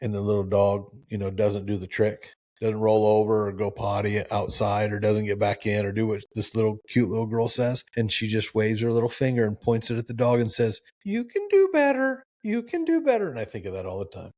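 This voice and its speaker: A man in his forties hosting a live talk show, preachy and animated, with lots of restarts and acted-out quotes. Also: on the low side, a little fast, hardly any pauses. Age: 40s. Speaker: show host.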